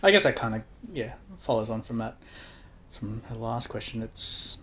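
A man's voice: mid-range voice, animated, moderate pace, fairly bright tone. A man co-hosting a podcast, teasing his partner and chuckling through his lines. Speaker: podcast co-host. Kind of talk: casual chat.

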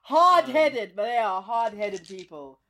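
A woman narrating a tabletop game as game master, chatty and animated with lots of fillers. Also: on the high side, unhurried, a crowd in the background.

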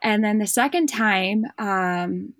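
A young woman talking on a podcast in an easy, casual way, slipping into little voices as she acts out what people said. Her pitch sits in the middle, and the sound is dry and close, with no room around it. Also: slow pace, no echo. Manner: lively storyteller acting out quoted dialogue. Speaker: podcast guest, bird dog handler and hunting guide. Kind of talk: casual chat.

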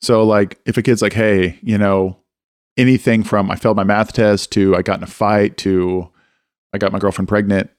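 A man's voice: lowish voice, flat delivery, a little fast, dry recording, studio quality. A man co-hosting a mentoring talk, candid and self-deprecating, telling stories about his own kids. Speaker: co-host and father. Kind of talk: casual faith-based discussion.

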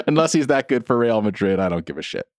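Brief: male podcast co-host, ordinary middle pitch, dry sound, emphatic, laughing banter. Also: fairly bright tone, no echo. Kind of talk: casual chat.

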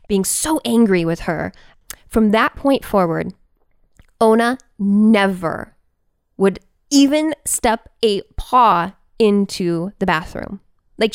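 Woman podcast host, personal storytelling, smooth clear voice, expressive pitch swings, dry close sound. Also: dry recording. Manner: animated and expressive, with wide swings in pitch and pace.

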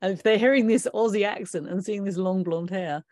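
A woman's voice: medium pitch, fairly quick, a little mellow, no echo, clean studio sound. A woman interviewing an old acquaintance, prompting him with shared memories and laughing lightly. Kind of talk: conversational interview.

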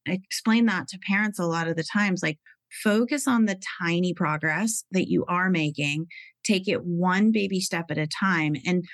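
A woman's voice: fairly low pitch, no echo. Woman, forties, parenting guest on a podcast, chatty, laughs often, dry close mic. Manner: chatty storyteller, laughs easily. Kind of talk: casual podcast conversation.

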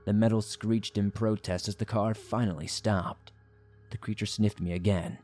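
A man's voice: fairly low pitch, steady tone, moderate pace, a little mellow, no echo, faint music behind. A man narrating a first-person horror story in a dramatic, suspenseful way.

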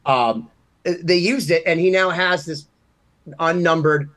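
Animated storytelling man, mid-high voice. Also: slow. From Massachusetts. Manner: animated storyteller, swings loud and quiet. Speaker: podcast co-host. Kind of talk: casual chat.

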